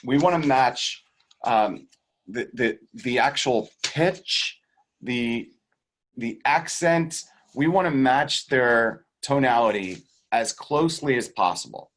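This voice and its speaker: A man being interviewed as a sales coach, teaching in a casual, animated way and acting out the voices of the people in his stories. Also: medium pitch, slow. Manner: animated storyteller who acts out quoted voices; swears casually and laughs between points. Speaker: guest real estate sales coach.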